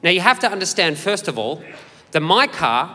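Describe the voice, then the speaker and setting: Bright-voiced Australian comedian on stage. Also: male voice, high-pitched, moderate pace, long reverb tail. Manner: animated storytelling, switching into character voices. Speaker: stand-up comedian. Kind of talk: stand-up comedy set.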